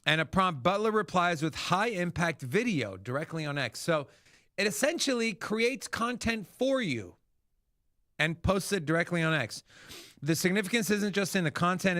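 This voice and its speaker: A man hosting a crypto livestream, talking casually and excitably, swearing freely. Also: a little high, no echo, studio quality. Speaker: crypto show host. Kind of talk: livestream market commentary.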